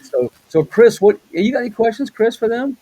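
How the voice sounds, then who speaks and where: A man's voice: very high voice, expressive, fairly quick, warm tone, breathy edge, low-quality recording. A man hosting a casual interview, talking loosely and rambling, with lots of fillers and agreeing noises. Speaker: host.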